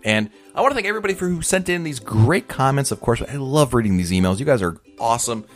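Upbeat male podcast host, lively pitch. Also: fast, faint music behind. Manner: upbeat, chatty, enthusiastic. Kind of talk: podcast reading listener emails.

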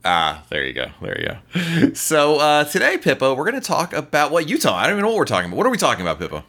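A man's voice: fairly high pitch, racing. A man hosting a podcast in a casual, playful, joking manner. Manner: playful, jokey, lively delivery. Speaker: podcast host.

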